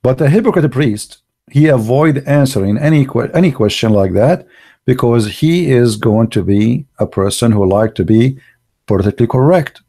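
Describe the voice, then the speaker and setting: A man delivers a blunt online monologue. His voice is gravelly and dark, with a mellow tone. He speaks in broken, English and presses his points with rhetorical questions. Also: mid-range voice, animated, moderate pace. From Arab world. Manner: broken, non-native grammar. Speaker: online show host. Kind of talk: opinionated livestream monologue.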